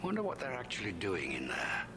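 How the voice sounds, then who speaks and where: An actor voicing a calm, suggestive narrator in a live-action game, with an insinuating delivery. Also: male voice, fairly low pitch, fairly quick, noisy background. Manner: smooth, insinuating.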